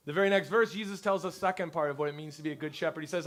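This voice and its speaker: A male pastor giving a conversational sermon to his congregation, telling lively stories and acting out the people he quotes. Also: on the high side, rapid-fire, hardly any pauses. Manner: lively storyteller who acts out quotes. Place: church service before a congregation.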